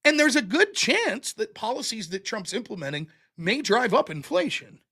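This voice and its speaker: A man's voice: very high-pitched, very animated, moderate pace, pushed and bright. A man hosting a show, delivering a blunt, profane, sarcastic political commentary rant. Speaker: show host.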